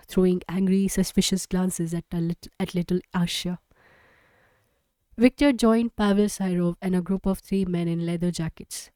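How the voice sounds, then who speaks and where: Mellow-voiced woman reading a novel. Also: lowish voice, smooth, no echo, rough recording. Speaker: audiobook reader.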